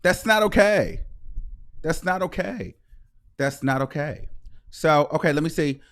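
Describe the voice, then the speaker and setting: A man's voice: a little high, expressive, unhurried. A man hosting a livestream show, ranting heatedly with sarcasm, repetition and frequent swearing. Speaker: host.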